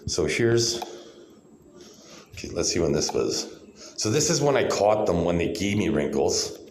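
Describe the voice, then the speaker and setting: A man in a hospital room rambles to his phone camera. He swears often, keeps pressing his point and asks "right?" again and again. His voice sits a bit low and echoes off hard walls over a faint hiss. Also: big pitch swings, unhurried, darkish tone. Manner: profane, rambling, insistent, keeps saying "right?". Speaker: vlogger.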